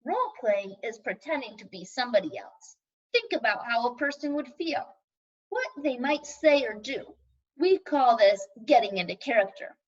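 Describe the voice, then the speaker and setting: A woman reads a children's chapter book aloud with playful expression. Her voice is high and lively. The recording sounds slightly dull and lo-fi. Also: normal speed, distant mic. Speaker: storybook reader.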